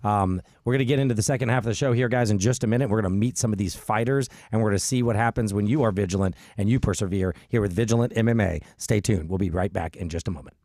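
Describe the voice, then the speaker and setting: Male host, lowish voice, quick, warm-hearted, dry sound. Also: no room sound. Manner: emotional, friendly. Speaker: interviewer, show host. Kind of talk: casual interview talk.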